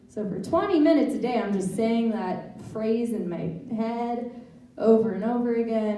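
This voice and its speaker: A woman's voice: fairly high pitch, animated, a little slow, warm tone. A woman doing a stand-up set, with awkward, self-deprecating humor and nervous laughs. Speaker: guest stand-up comic. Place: library event room with live audience. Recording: echoey room miked from far off, faint noise.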